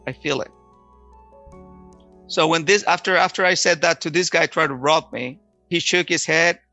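A man telling his personal faith testimony, emotional and halting, often restarting his words. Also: fairly high pitch, bright, forceful tone, no room sound, highs cut off, soft background music.

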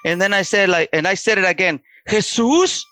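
A middle-aged man earnestly telling a personal story, halting often and restarting his sentences. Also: high voice, fairly even intonation. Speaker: storyteller sharing a personal testimony.

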